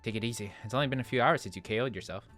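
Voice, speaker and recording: Man reading as a teasing energetic young woman. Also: medium pitch, rapid-fire, soft background music, lightly acted. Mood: caring. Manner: teasing, lightly mocking.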